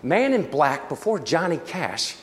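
Dramatic preacher in a reverberant auditorium. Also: male voice, fairly high pitch, very animated, a little slow. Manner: dramatic storyteller, calls for amens. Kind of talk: sermon with storytelling. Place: large auditorium.

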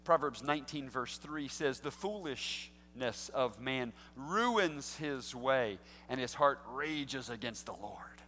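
A man preaching an expository sermon, swinging between hushed, slow passages and loud, emphatic lines. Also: medium pitch, expressive, slight background noise. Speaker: pastor. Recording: long hall reverb.

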